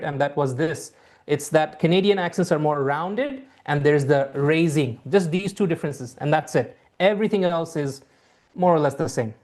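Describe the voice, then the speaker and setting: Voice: mid-range voice, a little mellow. An IELTS teacher giving an online lesson, explaining things in a repetitive, reassuring way with many fillers.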